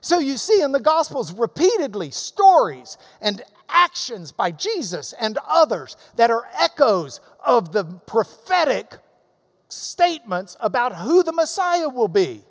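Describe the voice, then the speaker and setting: Bible teacher, male, emphatic and lively in pitch, lecturing in a reverberant hall. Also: measured pace. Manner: emphatic, animated, swings between loud and soft. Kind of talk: lecture answering questions.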